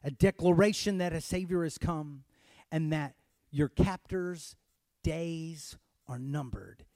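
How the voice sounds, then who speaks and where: A man from Texas, with a voice that sits a little high, delivers a sermon in a dramatic style. He moves from hushed, intimate lines to loud, pleading cries. The sound is dry and close, with no room around it. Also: slow pace, dry recording. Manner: dramatic, swings from hushed to shouting. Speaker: pastor.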